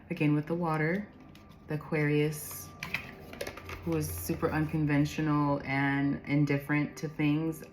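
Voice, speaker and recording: A woman with a low voice gives an intuitive tarot reading, rambling through the cards, reading their meanings aloud and laughing often. There's slight background noise.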